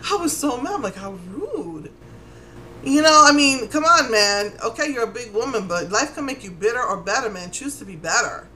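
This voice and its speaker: A middle-aged woman with a New York Puerto Rican accent, telling a story in a casual, animated way and acting out what people said. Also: a little high, a little hiss or hum. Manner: animated, exasperated, acts out quotes. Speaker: vlogger.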